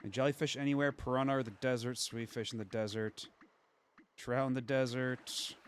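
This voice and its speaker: A man casually commenting while he plays a fishing game on a stream, thinking aloud with quick asides. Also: medium pitch, fairly even intonation, clean tone.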